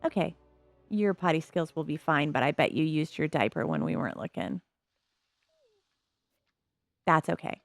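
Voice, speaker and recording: A woman chatting casually as she plays a life-simulation game, musing aloud with soft laughs. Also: low-pitched, big pitch swings, brisk, gravelly, no room sound, soft background music. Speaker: gameplay commentator.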